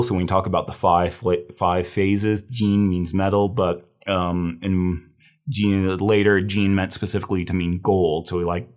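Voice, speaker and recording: A man's voice: low-pitched, a little mellow. A man lecturing on herbal medicine in a casual, thinking-aloud way, with fillers and restarts. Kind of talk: recorded review lecture.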